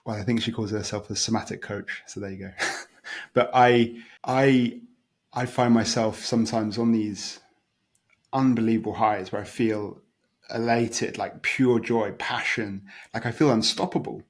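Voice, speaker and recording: A man hosting a podcast, talking candidly and searchingly, stumbling and repeating words as he thinks out loud. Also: on the low side, fairly even intonation, a little slow. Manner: candid and searching, with many stumbles and soft laughs. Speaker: podcast host and coach. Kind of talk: open conversational chat.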